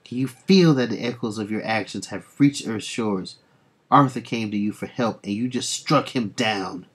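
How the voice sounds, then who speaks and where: A man's voice: on the low side, moderate pace, breathy edge. A man reading a proud indignant warrior heroine.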